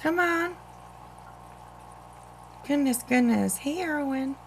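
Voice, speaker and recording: A woman's voice: sits high, slow pace, slight background noise, rough recording. A woman hosting a casual live stream of drama commentary, rambling with many fillers.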